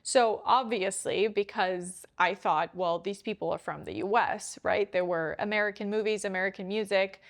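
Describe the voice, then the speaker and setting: Speaking at a normal speed with hardly any pauses, a young woman gives a relaxed pronunciation lesson, her mid-range voice fairly even in intonation. She's chatty and keeps checking in with viewers, sprinkling in "right?" and "you know."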